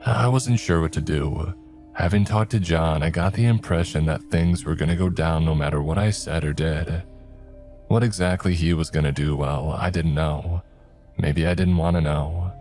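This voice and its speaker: A man narrating a first-person horror story in a measured, low-key way. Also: a little mellow.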